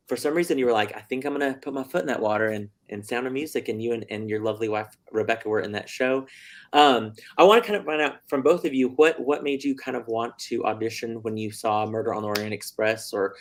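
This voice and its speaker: A man's voice: medium pitch, fast talker. A man hosting a casual interview, chatty and laughing often, with frequent stammered restarts. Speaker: host.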